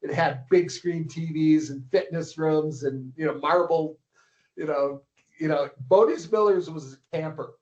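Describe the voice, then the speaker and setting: A man's voice: on the high side, measured pace, darkish tone. A man in his sixties, a podcast guest and longtime coach, telling stories in a rambling way, repeating words and acting out what others said. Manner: rambling, repeats words, acts out quoted dialogue. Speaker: podcast guest, ski racing coach and publisher. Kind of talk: anecdotal storytelling. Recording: slightly muffled lo-fi podcast audio.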